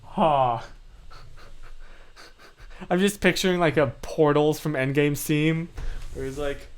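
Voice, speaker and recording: Young guy on his livestream, high voice, slow easy talk, jokey and self-mocking. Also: smooth. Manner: playful, self-deprecating, chatty. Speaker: livestream host. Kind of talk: casual livestream chat, reading comments.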